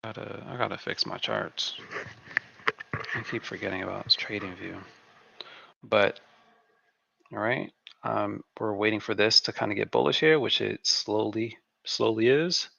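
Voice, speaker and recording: A man talks through a live trading session in a relaxed way, often repeating himself. His voice is heavily gravelly yet bright and forceful, and sits a little low. The audio is dry and dull, like a lo-fi desk mic. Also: a little slow, pauses often, no echo. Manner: laid-back, repeats phrases to himself. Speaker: trading stream host. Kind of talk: live market commentary.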